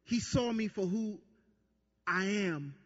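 Male pastor, husky and high, repetitive emphatic preaching, dull lo-fi recording. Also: lively intonation, slow pace, a bit bright. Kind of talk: sermon. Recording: long reverb, dull lo-fi sound.

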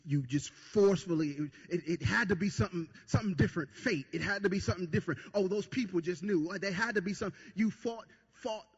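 Husky high-voiced preacher in a reverberant hall. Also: male voice. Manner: repetitive emphatic preaching, stammered restarts. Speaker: pastor. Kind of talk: sermon. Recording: long reverb, dull lo-fi sound.

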